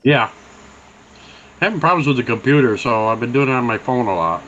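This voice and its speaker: A man's voice: mid-range voice, lively intonation, a little fast, fairly bright tone. A man joining a casual live stream from his phone, chatting in an upbeat, eager way. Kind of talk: casual chat. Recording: dull phone audio with faint hiss.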